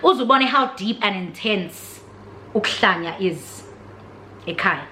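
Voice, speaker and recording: A young woman with a South African accent telling a storytime vlog in an animated, dramatic way. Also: mid-range voice, unhurried, long pauses. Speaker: vlogger. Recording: roomy with faint noise.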